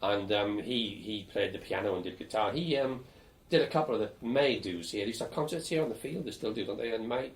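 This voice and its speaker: In an oral history interview, an older man with a fairly low voice looks back on his student years. He's lively and animated, blunt and freely profane, and he talks fast with hardly any pauses.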